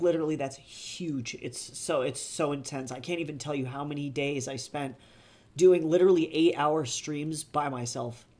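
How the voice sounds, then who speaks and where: A man's voice: a little high, breathy edge. A man livestreaming to his viewers, teary and gushing, rambling and swearing freely in casual chat from his home office. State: teary, on the verge of crying. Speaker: author and livestreamer.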